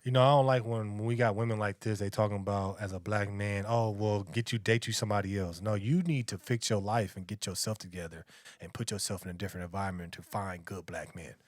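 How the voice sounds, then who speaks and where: A man's voice: lowish voice, fairly even intonation, fast talker, no room sound. A man, lecturing and repeating himself as he reacts to a video. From Long Beach, California. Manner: lecturing, preachy, repetitive. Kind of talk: reaction commentary.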